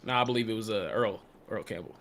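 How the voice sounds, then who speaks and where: A man's voice: on the low side, fast talker, a bit bright. A man co-hosting a casual sports show, teasing and laughing through the banter.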